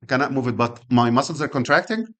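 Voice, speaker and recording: A man's voice: medium pitch, animated, fast, a bit bright. A man teaching an anatomy class, explaining step by step, checking in with frequent rhetorical questions and restarting phrases. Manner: uses physical demonstrations while explaining. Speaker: anatomy and physiology instructor. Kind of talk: classroom lecture.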